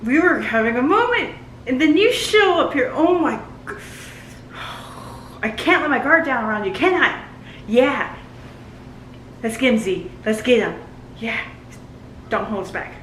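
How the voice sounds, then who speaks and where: Woman, high voice, excitable reaction vlog, chatting to the screen, roomy echo. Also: measured pace, long pauses, slight background noise. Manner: excitable, talks back to the screen, laughs often. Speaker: book reviewer reacting to a series. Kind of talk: casual reaction and review.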